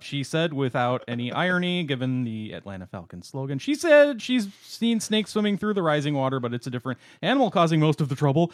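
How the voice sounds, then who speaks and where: A man with a somewhat high, very lively voice reads quirky news items in a playful, joking manner. The sound is dry and close, with no room around it. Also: a little fast, few pauses, no echo. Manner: playful, reads stories aloud with jokey voices. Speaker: podcast co-host. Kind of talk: casual chat, reading news items.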